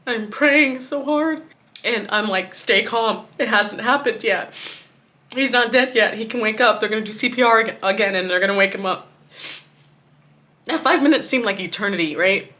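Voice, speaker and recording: A woman vlogger telling a personal story in grief, swinging between hushed words and a raised voice. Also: mid-range voice, normal speed.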